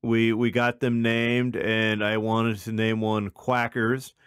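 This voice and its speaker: Smooth-voiced man, rambling casual chat. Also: mid-range voice, little pitch movement, slow pace, a bit bright, no echo, studio quality. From Kansas. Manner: rambling, many fillers and "like"s. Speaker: podcast co-host.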